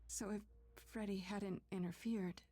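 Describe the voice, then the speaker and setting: A woman's voice: medium pitch, steady tone, unhurried, warm tone, husky, no room sound. An actress playing a young woman singer who asks earnest, probing questions. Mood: questioning.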